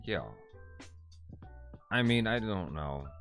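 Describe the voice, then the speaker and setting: A man co-hosting a casual movie-review live stream, talking in an animated, goofy way. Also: fairly low pitch, takes it slowly, faint music behind. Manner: animated and goofy, laughs often. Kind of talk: casual chat.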